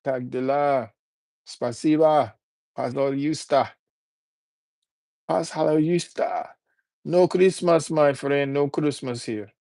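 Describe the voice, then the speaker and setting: A man from Alabama, chatting casually on a livestream and shouting out viewers by name. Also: on the high side, slow, creaky, pauses often, no echo. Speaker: livestreamer and rapper. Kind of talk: casual live-stream chat.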